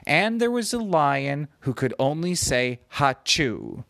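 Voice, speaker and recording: A man improvising a gently playful, meandering bedtime story for a child. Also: on the high side, big pitch swings, a little slow, no room sound.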